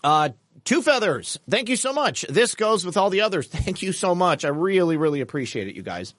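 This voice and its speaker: A man hosting a casual livestream, chatty and animated as he comments and thanks viewers by name. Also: high-pitched, a little fast, no echo, studio quality. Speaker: livestream host.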